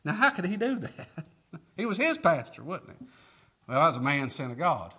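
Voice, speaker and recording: A man's voice: on the high side, very animated, normal speed, pushed and bright, breathy edge. A man preaching a sermon, reading scripture aloud and asking folksy rhetorical questions with emphatic rises.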